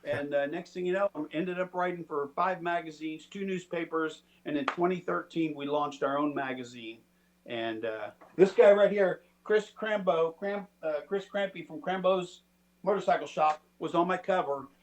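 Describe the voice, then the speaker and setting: A man with a high voice tells a story in a loose, chatty way. He puts on the voices of the people he quotes. He sounds middle-aged. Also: moderate pace, a little hiss or hum. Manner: animated, acts out quoted people. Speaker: storytelling guest. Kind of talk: casual storytelling.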